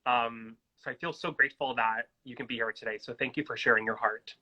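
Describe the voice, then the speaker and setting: An excitable, gushing man hosts a casual live interview, talking straight into his phone. His voice is bright and ringing at a middle pitch. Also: brisk, slightly rough, rough recording. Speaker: host. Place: at home in New York. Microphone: phone on a social-media live stream.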